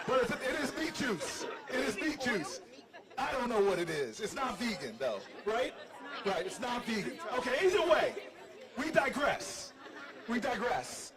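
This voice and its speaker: Outdoors on the steps of a building, a male politician livestreams himself telling a crowd a humorous, self-deprecating tale with animated, joking energy. His voice is high-pitched, and the recording is low quality.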